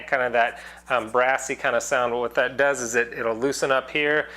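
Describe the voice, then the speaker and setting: A man's voice: mid-range voice, normal speed, hardly any pauses. Male vocal coach, mid-range voice, easygoing and rambling, teaching casually to camera. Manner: relaxed, rambling explanations with many fillers and demonstrations. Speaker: singing teacher. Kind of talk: casual online singing lesson.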